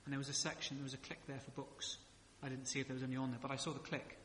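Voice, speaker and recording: A man's voice: medium pitch, level tone, rapid-fire, fairly bright tone, slight background noise. A male pastor preaching a sermon in a church, chatty and joking, with many rhetorical questions. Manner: conversational preaching with rhetorical questions and humorous asides. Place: church sanctuary. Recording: echoey church hall reverb.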